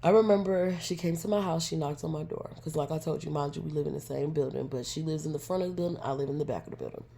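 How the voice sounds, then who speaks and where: A young adult woman, chatty and animated, telling a personal story to her viewers and acting out the lines of the people in it. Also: low-pitched, quick pace, creaky, few pauses, slight background noise. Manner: animated, chatty, acts out quotes. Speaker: vlogger. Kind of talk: casual storytime.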